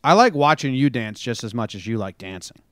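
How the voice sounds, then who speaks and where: A man's voice: mid-range voice, animated, brisk, dry recording, studio quality. A man co-hosting a podcast, telling stories in a rambling, chuckling, casual way. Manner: rambling storyteller, chuckles often. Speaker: podcast co-host. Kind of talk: casual chat.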